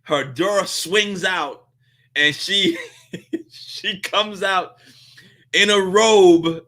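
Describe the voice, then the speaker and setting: A man hosting a business vlog, telling a story in a casual, animated way and acting out the dialogue. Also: high-pitched, very slow. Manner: animated, laughs through his story, acts out dialogue. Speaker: vlog host on business advice.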